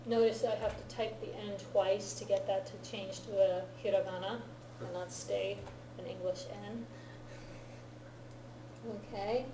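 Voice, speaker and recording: A woman's voice: mid-range voice, echoey room, noisy background. A woman teaching a grammar lesson to a class, patiently explaining and often checking whether everyone understands. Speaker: Japanese teacher.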